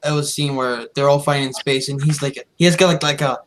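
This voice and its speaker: A man's voice: on the high side, fairly even intonation, fast, fairly bright tone, a little hiss or hum, poor audio. A man co-hosting a podcast, casually retelling movie scenes with many fillers. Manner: rambling, filler-heavy retelling. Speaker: podcast co-host.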